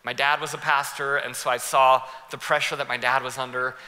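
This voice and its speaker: A young man preaching a sermon as pastor, telling stories in a lively way, laughing and acting out the scenes. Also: medium pitch, fairly quick. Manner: animated, laughing storyteller who acts out scenes. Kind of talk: sermon with personal storytelling. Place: church hall. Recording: long hall reverb.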